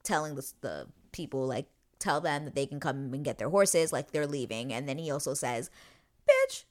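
A woman chatting casually as she breaks down a TV episode, excitable and chatty, swearing freely and saying "like" a lot. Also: rumbling low, moderate pace. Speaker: TV recap vlogger.

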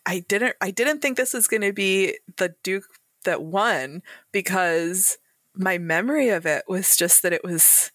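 A woman's voice: medium pitch, measured pace, a bit bright, dry recording. A woman co-hosting a book podcast, gushing emotionally about a romance novel. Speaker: podcast co-host. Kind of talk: casual book chat.

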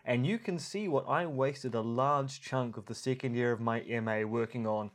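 A man's voice: medium pitch, normal speed. A man co-hosting a podcast in casual chat, teasing and mock-pompous, breaking into playful put-on voices. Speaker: podcast co-host.

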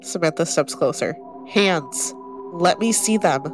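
A woman's voice: fairly low pitch, expressive, unhurried, over music. A woman playing her character in a tabletop role-play, blunt, confrontational and exasperated. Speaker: tabletop game player.

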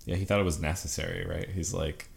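Deep-voiced male podcast co-host, casual and eager, laughs a lot, lots of fillers. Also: steady tone, quick pace, gravelly. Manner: enthusiastic, laughs often, many fillers. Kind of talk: casual gaming chat.

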